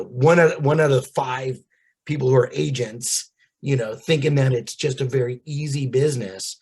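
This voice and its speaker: Husky-voiced man telling a story. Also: on the high side. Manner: animated storytelling, many restarts. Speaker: real estate agent. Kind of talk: casual call chat.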